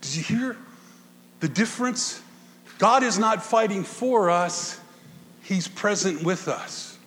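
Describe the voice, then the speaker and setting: A male pastor preaching a conversational sermon to his congregation, swinging from loud bursts to quiet asides. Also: slow, big-room sound, slight background noise. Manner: conversational preaching, animated swings in pitch and volume.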